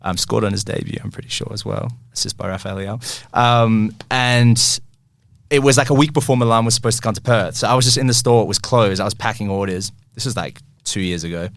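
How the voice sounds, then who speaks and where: A man's voice: lowish voice, fairly even intonation, brisk, no echo, studio quality. A young man, a football kit store owner, telling a long story in casual chat, laughing and acting out his own reactions.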